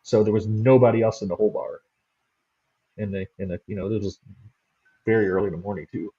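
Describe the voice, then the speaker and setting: A male paranormal investigator, appearing as a guest, casually recounts an experience, stumbling and repeating words along the way. His voice is lowish and warm, fast, with fairly even intonation. The sound quality is lo-fi.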